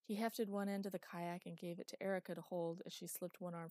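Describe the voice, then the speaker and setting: A woman narrating a novel in a steady, even storytelling way. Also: on the low side, fairly quick, hardly any pauses, no room sound. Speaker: audiobook narrator. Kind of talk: scripted narration.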